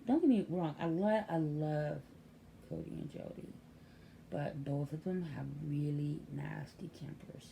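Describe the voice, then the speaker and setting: Gravelly-voiced grandmother telling stories. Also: low voice, measured pace, noisy background. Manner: chatty, acts out quoted voices. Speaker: grandmother and caregiver. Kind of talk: casual storytelling vlog.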